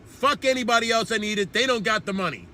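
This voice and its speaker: A man with a strikingly high, very bright and cutting voice delivers a furious, profanity-laced rant. He speaks as the host of his own commentary channel, heated and relentless. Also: animated, fast. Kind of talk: angry political rant.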